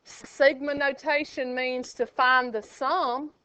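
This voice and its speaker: A woman's voice: sits high, fairly even intonation, slow pace, bright, forceful tone, clean tone. A woman math teacher, teaching a classroom and joking with her students. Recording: dull lo-fi classroom recording.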